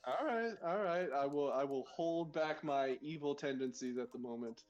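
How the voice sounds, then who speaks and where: A man's voice: on the high side, moderate pace, a little mellow, dull audio, faint music behind. A man playing a tabletop game, thinking aloud with hesitant restarts. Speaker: player.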